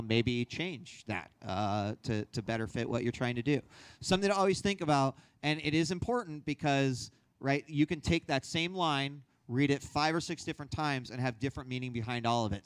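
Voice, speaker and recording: A man's voice: mid-range voice, smooth, no echo. A man leading a hosting workshop, speaking conversationally and breaking into sample reads with different energy. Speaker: workshop host. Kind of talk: instructional talk.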